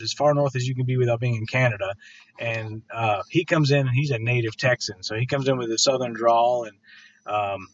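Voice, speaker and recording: A middle-aged man from Michigan's Upper Peninsula giving a casual spoken presentation, rambling with fillers and restarts, then livelier as he tells a story. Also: medium pitch. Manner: rambling, many fillers and restarts, grows animated when telling a story. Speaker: student giving an oral presentation. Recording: dull lo-fi sound.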